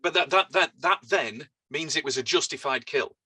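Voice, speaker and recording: Male guest, frustrated and passionate, sharp bright tone, dry close sound. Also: on the high side, normal speed, breathy edge, no echo, rough recording. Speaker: podcast guest. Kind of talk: casual political chat.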